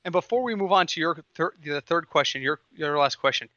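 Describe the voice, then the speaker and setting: A man co-hosting a football podcast, chatting casually and telling stories in an animated, excitable way. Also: on the high side, a little fast, no room sound, lo-fi sound. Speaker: podcast co-host. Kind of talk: casual sports chat.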